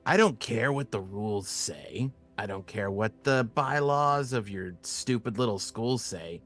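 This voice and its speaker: A man voicing a gruff, demanding orc leader. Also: on the low side, a little slow, fairly bright tone, soft background music.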